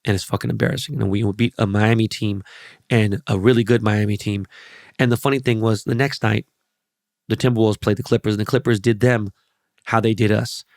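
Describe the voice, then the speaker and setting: Gravelly profane podcast host, dry mic. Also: male voice, on the low side, a little fast, dry recording. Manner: profane, rambling, animated storytelling. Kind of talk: casual podcast monologue.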